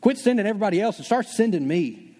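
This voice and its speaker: A man preaching a sermon as pastor, talking conversationally and acting out his listeners' doubts in quick asides. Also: sits high, in a large hall. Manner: fast, animated preaching.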